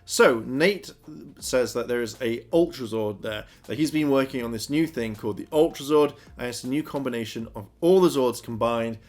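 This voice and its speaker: Speaking at a moderate pace in a slightly mellow, mid-range voice, this man retells a TV episode as a reviewer. The recap is casual and meandering, packed with fillers such as "you know" and "kind of."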